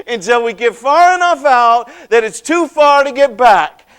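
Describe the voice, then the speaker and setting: A male preacher with a voice that sits very high for a man, clear and resonant. He tells the story as if he lived it, surging into loud, shouted moments and dropping to near-hushed lines. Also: a little slow. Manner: animated, swings from loud outbursts to hushed lines. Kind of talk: dramatic first-person sermon storytelling. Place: church.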